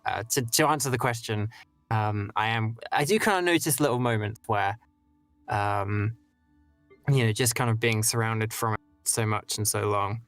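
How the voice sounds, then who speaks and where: A man's voice: on the low side, normal speed, a bit bright, no echo, faint music behind. Rambling British man, dry close mic. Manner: rambling, many fillers and restarts. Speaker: streamer host. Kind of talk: casual stream chat. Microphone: streaming mic.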